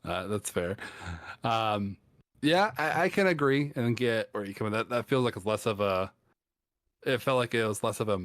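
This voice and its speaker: A man with a fairly low voice, recorded dry with no room echo. He shares film opinions in a casual chat, hedging and filling pauses with ums as he thinks. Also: lively intonation, a bit bright. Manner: hesitant, lots of ums and hedging. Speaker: film podcast co-host.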